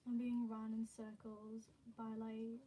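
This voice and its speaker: Young woman, upset, rambling livestreamer; higher voice, unhurried delivery, faint hiss behind. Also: mellow, rough recording. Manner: nervous laughter and distressed rambling with many fillers. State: emotionally distraught. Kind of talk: casual livestream chat.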